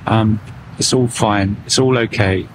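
Man, low voice, casual walking vlog, street traffic noise. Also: fairly even intonation, measured pace. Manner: musing, loose and reflective. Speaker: vlogger. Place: outdoors on a town street.

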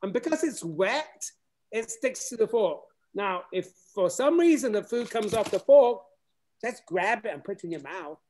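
A man's voice: sits high, lively intonation, moderate pace, a little mellow. A man giving a remote classroom demonstration over a video call as a space program educator, talking in a playful way with many restarts.

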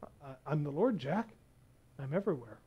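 A man voicing God as a calm, patient, softly assured presence. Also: high voice, normal speed, lo-fi sound.

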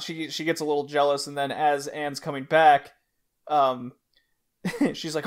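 A man's voice: a little high, moderate pace. A man co-hosting an anime podcast, retelling scenes casually and acting out the characters' lines with energy. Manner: animated storyteller who acts out the characters' lines. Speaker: podcast co-host. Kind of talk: casual chat.

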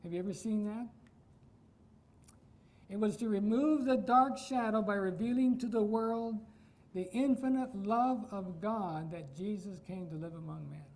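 A man's voice: high voice, a little slow, darkish tone, low-quality recording. A man from Iowa preaching a sermon as pastor, emphatic and asking his congregation questions. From Iowa, United States.

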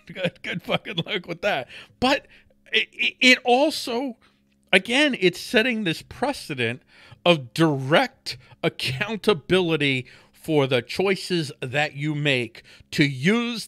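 A man's voice: high voice, sharp tone, dry recording, studio quality. A man hosting a podcast, delivering a profane political rant in a heated way, stumbling over and repeating words and laughing between points. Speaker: podcast host.

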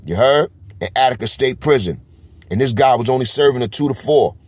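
A man's voice: mid-range voice, lively intonation, fairly quick, darkish tone, husky, no room sound. A man with a New York accent, talking straight to camera in a casual vlog and driving each point home with a constant "you heard?". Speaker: vlogger. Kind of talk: casual street commentary.

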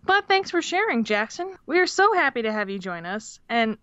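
A woman's voice: on the high side, sing-song, normal speed, bright, forceful tone, no room sound. A woman co-hosting a podcast in casual chat, laughing often and swearing casually as she reads a listener's story. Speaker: podcast co-host. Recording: dull, slightly lo-fi audio.

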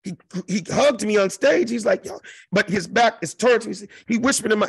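A middle-aged man from South Central Los Angeles spins a profane stage story with a high, gravelly voice. He leans hard on every word and acts out the crowd around him. The sound is dry and close. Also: moderate pace, a bit bright, dry recording. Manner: profane, emphatic, mimics crowd noises. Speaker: interview guest, comedian. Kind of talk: animated storytelling.

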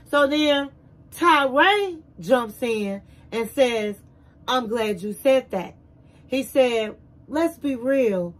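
Woman host, high voice, chatty recap, acts out the quotes. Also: poor audio. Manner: animated retelling, acting out quotes. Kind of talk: casual recap narration.

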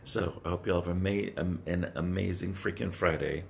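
A man with an extremely deep voice and a heavy gravelly fry talks to his phone camera, held close to his face. It is early and his voice is scratchy before any tea or water. He speaks earnestly and haltingly, with many fillers and restarts, over faint background noise. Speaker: vlogger. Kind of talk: rambling motivational vlog to camera.

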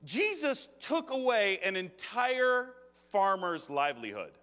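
A man preaching a conversational sermon in a church, joking, animated and laughing often. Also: high-pitched, unhurried, clear, resonant tone. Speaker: guest preacher. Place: church sanctuary. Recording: long reverb of a church hall.

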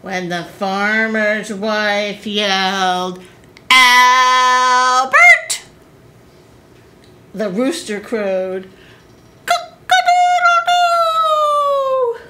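A woman librarian reading picture books aloud to small children at story time, slow and expressive. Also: medium pitch, noisy background.

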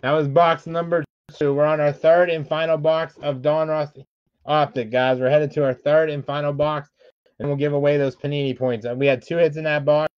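With a clean, fairly high voice, flat delivery, and a moderate pace, a man hosts a live-streamed card break, announcing player names as packs are opened. He explains the shipping rules to his viewers and says he is frustrated. The audio sounds dull, dry, and lo-fi.

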